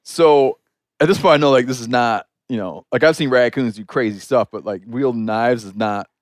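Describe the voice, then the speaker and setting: Chatty animated man telling a story. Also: mid-range voice, normal speed, dry recording, studio quality. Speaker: podcast host. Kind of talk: casual storytelling conversation.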